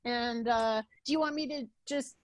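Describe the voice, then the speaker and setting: A woman's voice: fairly high pitch, moderate pace, dry recording. A woman being interviewed on a podcast over a video call, talking casually with many restarts. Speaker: podcast guest.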